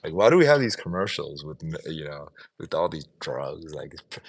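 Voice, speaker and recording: A man's voice: a bass voice, big pitch swings, normal speed, creaky. A man ranting in an opinionated, casual way on a livestream, swearing now and then. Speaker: livestream vlogger.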